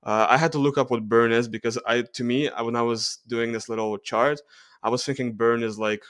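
A man with a Russian accent talks through charts in a halting voice-over. He keeps stopping on "uh" and fixing his own words. His voice sits in a middle pitch and sounds dry and close, with no room around it. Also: fairly even intonation, a bit bright, dry recording. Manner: hesitant, frequent uh fillers and self-corrections. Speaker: genetics video creator.

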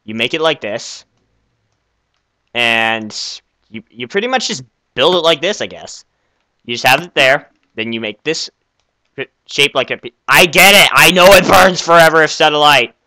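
A young man hosting a comedic game skit, excitable and easily flustered, stammering often. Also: fairly high pitch, moderate pace, no room sound. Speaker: video creator.

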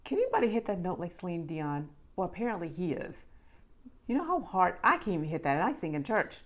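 A woman's voice: fairly low pitch, big pitch swings, fast talker, slight background noise. A woman giving casual, emphatic reaction commentary, amazed by what she hears. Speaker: reaction video creator.

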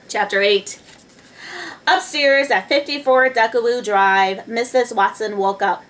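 Woman, children's read-aloud, expressive, slow, fairly high voice. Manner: warm, expressive, addresses listeners as friends. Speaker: librarian reading aloud.

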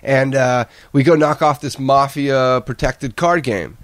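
A man's voice: mid-range voice, measured pace, no echo. A young male actor as a guest in casual chat, rambling through stories in a laid-back way and saying "man" a lot.

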